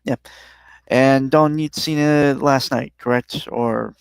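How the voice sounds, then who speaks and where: A tired man with a smooth, resonant voice and a gravelly fry talks casually on a podcast. He hedges his points and starts many of them with "um". The recording is dry and close. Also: medium pitch, takes it slowly, no room sound. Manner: relaxed, hedging, frequent "um". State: tired, yawning. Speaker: podcast co-host. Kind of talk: casual chat, movie review.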